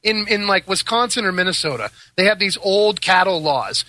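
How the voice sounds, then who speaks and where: A man's voice: high-pitched, lively intonation, moderate pace, sharp tone, dry recording. A man hosting a casual talk show, telling stories with sarcastic asides and frequent laughs. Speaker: podcast host. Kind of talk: casual chat.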